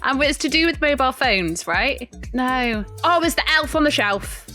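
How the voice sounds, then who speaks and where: A woman's voice: high-pitched, expressive, normal speed, bright, forceful tone, faint music behind. A woman co-hosting a podcast in casual chat, playful and competitive. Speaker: podcast co-host.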